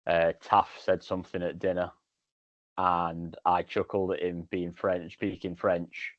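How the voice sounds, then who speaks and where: Deep-voiced man on a dull dry recording. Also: level tone, measured pace, dry recording. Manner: chatty, jumps in with anecdotes. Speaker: podcast host. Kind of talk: casual podcast conversation.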